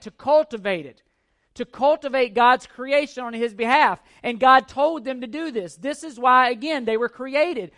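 A man's voice: very high voice, pushed and bright. A man preaching a teaching sermon, earnest and emphatic, repeating key points and asking rhetorical questions of his listeners. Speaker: pastor.

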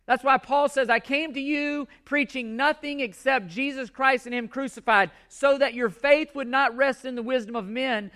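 A man's voice: very high voice, moderate pace, few pauses, sharp tone. A male pastor delivering a sermon to his congregation in a church, emphatic and repeating key words for stress.

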